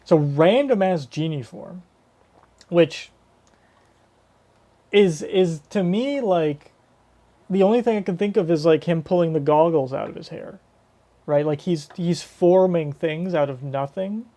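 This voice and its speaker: A man's voice: a little high, a little slow, pauses often, warm tone. A man giving casual live reaction commentary on a manga chapter, rambling and swearing casually as he thinks aloud.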